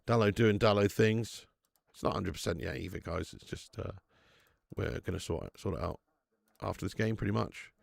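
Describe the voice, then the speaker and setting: Man, football watch-along host, chatty banter with viewers, frequent laughs, gravelly voice, dry close mic. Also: fairly low pitch, moderate pace, no room sound. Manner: chatty, banter-heavy, laughs a lot, greets chat by name. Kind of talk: live football watch-along chat and commentary.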